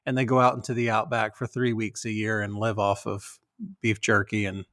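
A man who teaches a discipleship class, co-hosting a podcast with earnest, halting talk and playful teasing. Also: on the low side, level tone, a bit bright. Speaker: pastor and podcast co-host. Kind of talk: casual chat.

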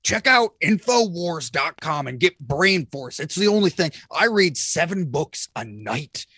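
Man putting on a raised, gravelly conspiracy radio host, ranting fast and bombastic, dry close sound. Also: big pitch swings, pushed and bright, no room sound, exaggerated voice. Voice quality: strained, gravelly put-on voice. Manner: bombastic, rapid sales pitch.

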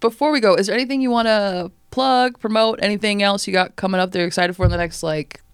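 A woman's voice: medium pitch, fast, clean tone, no room sound, clean studio sound. A woman hosting a podcast, chatting casually in a giggly, rambling, effusive way. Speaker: podcast host. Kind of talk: casual chat.

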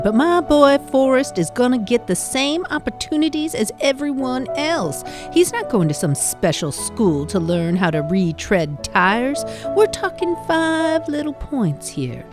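A woman's voice: high-pitched, sing-song, unhurried, hardly any pauses, over music, pitched above the performer's own voice. A woman playing a determined mother who insists and pleads on behalf of her son in a comedy podcast reenactment. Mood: insistent.

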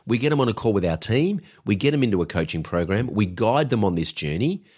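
A man's voice: on the low side, lively intonation, quick pace, a little mellow, husky. A man co-hosting a business podcast, coaching in an emphatic, directive way. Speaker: podcast co-host, agency coach.

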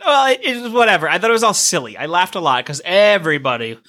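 A woman with a low but bright, forceful voice in a casual movie-review chat. She talks emphatically, swears a lot and restarts her sentences often. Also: lively intonation, fast.

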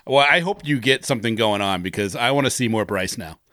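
A man's voice: lowish voice, brisk, sharp tone, no echo, studio quality. A man co-hosting a podcast, enthusiastic and effusive with his guest. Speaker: podcast co-host. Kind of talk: casual podcast chat.

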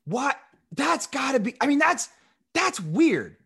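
An animated male podcast co-host, his high voice swooping widely as he jokes. He sounds bright and forward, often tripping over restarts in loose banter. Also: slow pace, creaky. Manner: animated, joking, frequent restarts.

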